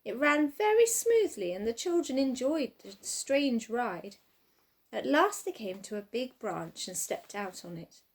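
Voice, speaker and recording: A woman reading a children's storybook aloud with expressive, sing-song narration. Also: fairly high pitch, unhurried.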